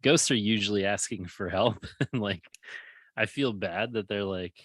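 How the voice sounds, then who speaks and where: Deep-voiced jokey podcast host. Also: male voice, normal speed, no room sound. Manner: jokey, animated, laughs often. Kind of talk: casual chat.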